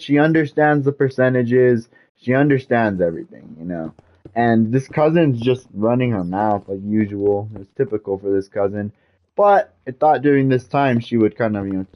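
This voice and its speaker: A man's voice: on the low side, dull audio. A man streaming a game while venting in a frustrated, repetitive rant. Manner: frustrated ranting, repetitive, swears mildly. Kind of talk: casual gaming stream rant.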